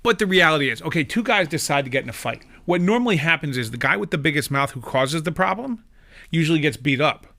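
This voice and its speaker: A defense attorney with a gravelly, creaky edge to his mid-pitched voice. He tells stories and walks through legal details in an easygoing, measured way. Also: lively intonation, sharp tone. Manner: measured storyteller, explains the law. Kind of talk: casual chat.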